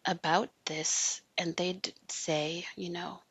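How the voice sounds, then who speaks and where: A woman guest sharing personal stories earnestly, sometimes dropping to a soft whisper. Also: on the low side, little pitch movement, slow pace, slightly rough, dry recording. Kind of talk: personal storytelling in conversation.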